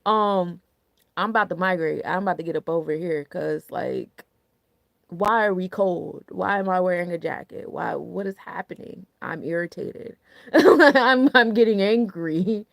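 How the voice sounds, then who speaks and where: A woman's voice: on the low side, normal speed, creaky, a bit bright, dry recording, studio quality. A woman hosting a casual astrology talk, chatty and full of rhetorical questions, often asking "you know what I'm saying". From New Jersey. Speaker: astrology podcast host.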